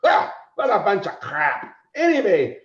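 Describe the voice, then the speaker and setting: Gruff cursing old santa claus put on by a man, cranky, echoey room, muffled sound. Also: high voice, wildly swooping pitch, measured pace, pitched above the performer's own voice, exaggerated voice. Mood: grumbling. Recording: roomy echo, dull lo-fi sound.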